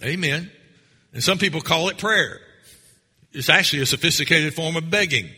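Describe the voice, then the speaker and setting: A man's voice: fairly high pitch, normal speed, slightly rough. Fervent male preacher in an echoing hall. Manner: fervent preaching, rising to shouts. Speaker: pastor. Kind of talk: sermon. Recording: long hall reverb.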